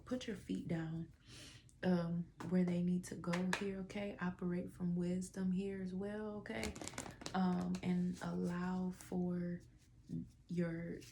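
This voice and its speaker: A tarot reader gives viewers a casual reading, her lowish voice carrying vocal fry and a stuffy nose. She drawls through fillers and drops into whispers, with background noise in the recording.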